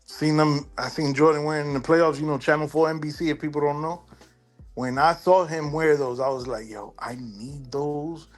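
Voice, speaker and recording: A man's voice: on the high side, a little fast, soft background music. A man from New York with Dominican roots, a guest telling casual stories and acting out quotes. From New York, Dominican family. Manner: animated storyteller, acts out quotes. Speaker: interview guest, sneaker collector. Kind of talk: casual storytelling.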